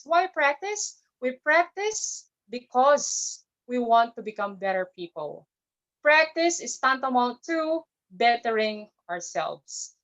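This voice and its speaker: A woman's voice: high voice, a bit bright. A woman, an English speaker, giving a careful, teacherly evaluation of grammar and pronunciation at an online speech club. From Philippines. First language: not English. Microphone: video call. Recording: dull lo-fi video call audio.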